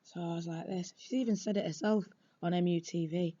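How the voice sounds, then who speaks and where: On a dull lo-fi recording, a woman who supports a football team tells a casual story, chatty, lively and blunt. Her voice is fairly low and she talks fairly quickly.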